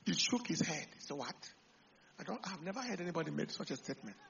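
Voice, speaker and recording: A Nigerian man delivers a sermon as pastor, his high voice rough with gravel. He rises into loud, fervent declarations, then drops to quiet, confiding remarks. The recording sounds a little muffled, with faint noise underneath. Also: animated, fast talker. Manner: swings from loud preaching to quiet talk, slips into Pidgin.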